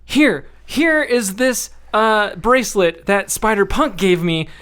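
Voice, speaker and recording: Man voicing a flippant middle-aged father, offhand, sarcastic, high and bright. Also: lively intonation, slow pace, clean tone, heavily acted.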